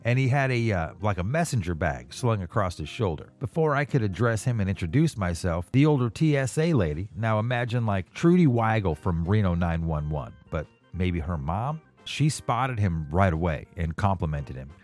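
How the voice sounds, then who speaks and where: A man with a lowish voice tells a personal story on his podcast. His delivery is wry and animated, and his pitch swings widely as he narrates. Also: normal speed, few pauses, soft background music. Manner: wry, animated anecdote telling. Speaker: podcast host. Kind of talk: casual storytelling.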